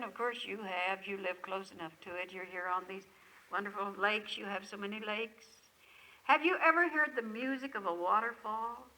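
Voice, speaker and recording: An older woman speaks to a camp gathering with a fairly high, bright and forceful voice. She pours out rhetorical questions in an effusive devotional talk. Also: low-quality recording. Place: gathering at a lakeside retreat camp.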